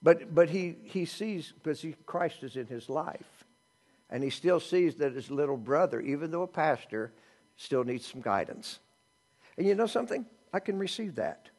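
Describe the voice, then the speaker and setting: Male pastor, middle-aged, preaching a sermon with wide-ranging pitch, playful asides, loud-to-hushed swings. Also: normal speed. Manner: animated, joking asides, shifts from loud to hushed.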